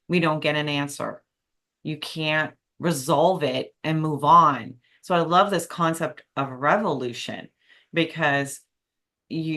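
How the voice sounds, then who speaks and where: Low-voiced woman host, openly enthusiastic. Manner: warmly enthusiastic, candidly personal. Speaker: podcast host. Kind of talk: interview conversation.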